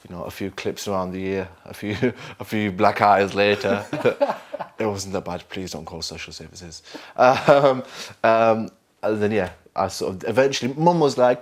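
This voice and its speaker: A man's voice: lowish voice, moderate pace. A young man with a Lancashire accent, telling stories in an unscripted interview, rambling and self-mocking. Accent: Northern English, Lancashire. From England, Burnley. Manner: rambling, self-mocking storyteller with laughs and mimicry. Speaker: actor interviewee.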